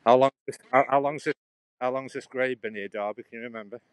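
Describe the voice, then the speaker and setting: A man's voice: mid-range voice, fairly even intonation, a little fast, clear, resonant tone. A man vlogging casually while walking outdoors through a churchyard, chatting in a rambling way with frequent restarts.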